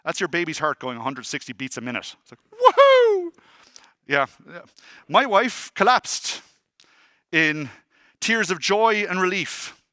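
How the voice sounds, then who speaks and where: Male conference speaker, lively storyteller, pitched a touch high, crisp and forceful. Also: unhurried, dry recording, studio quality. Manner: animated, self-deprecating storyteller acting out dialogue. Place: conference hall stage.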